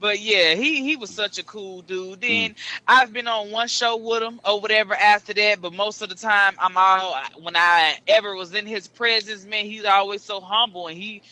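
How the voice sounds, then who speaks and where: A man with a high, very bright and forceful voice talks casually as an interview guest. He tells stories in lively, slangy street talk. The sound is dry and close. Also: moderate pace, no echo. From Southern US. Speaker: stand-up comedian guest.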